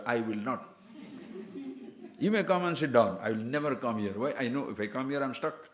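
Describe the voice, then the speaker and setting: Male spiritual teacher, emphatic discourse style, animated delivery, roomy echo. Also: medium pitch, fairly quick. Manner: asks many rhetorical questions, emphatic. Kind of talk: scripture discourse to a class.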